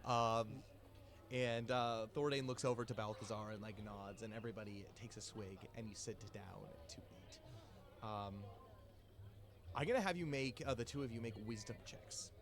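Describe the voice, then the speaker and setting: A man's voice: mid-range voice, moderate pace. A man narrating as game master of a tabletop game, casual and laughing often.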